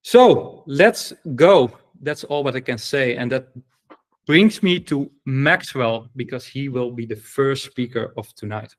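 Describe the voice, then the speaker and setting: A man's voice: mid-range voice, a little slow, fairly bright tone. A man hosting an online event, introducing speakers enthusiastically with many fillers. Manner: enthusiastic, filler-heavy, stumbles over names. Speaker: event host.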